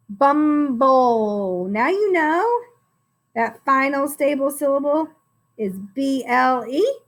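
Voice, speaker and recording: A woman with a high voice teaches phonics to young children, sounding out each word slowly syllable by syllable. Her delivery is patient, unhurried and encouraging. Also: fairly bright tone.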